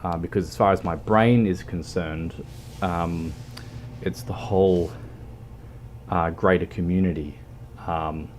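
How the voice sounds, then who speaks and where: A man chatting casually with his livestream viewers while playing a game, talking in a rambling, halting way. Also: low voice, fairly even intonation, a little mellow, a little hiss or hum. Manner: rambling, halting, talks to chat.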